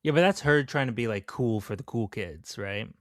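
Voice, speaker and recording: A man's voice: mid-range voice, normal speed, no room sound. Podcast cohost guy gushing over movie scenes, jokey, dry sound. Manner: enthusiastic, joking recaps of favorite scenes. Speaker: podcast co-host. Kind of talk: casual film-review chat.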